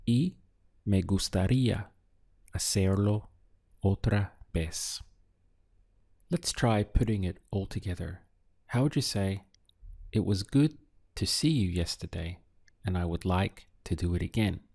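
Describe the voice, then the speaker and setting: A man teaching a language lesson, speaking patiently in short phrases with pauses between them. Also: low voice, animated, a little mellow, slightly rough. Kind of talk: slow, clear language lesson.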